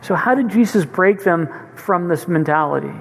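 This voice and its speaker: Preacher guy, pretty high voice, earnest sermon, big echoey church hall. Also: animated, moderate pace, creaky, a bit bright. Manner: earnest, retelling scripture with urgency. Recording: long hall reverb.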